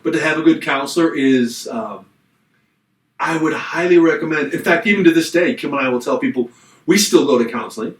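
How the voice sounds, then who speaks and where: A middle-aged man hosts a casual podcast and tells a long personal story with lively energy, jumping into the voices of the people in it. His voice sits a little high for a man. He sounds slightly back from the mic in a roomy, echoing space. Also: a little fast, distant mic. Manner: animated storyteller acting out quotes. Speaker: podcast co-host.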